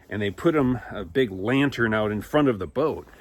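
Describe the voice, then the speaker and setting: Lively man telling a Bible story. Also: fairly low pitch, normal speed, hardly any pauses. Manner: lively, acts out characters and sound effects. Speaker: children's church teacher. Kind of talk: animated Bible storytelling for kids.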